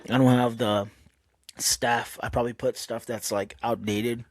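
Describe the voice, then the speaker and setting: On his own podcast, a man with a mid-range, fairly flat voice talks unhurriedly, with no echo, in a candid, rambling solo monologue. His casual delivery is full of fillers.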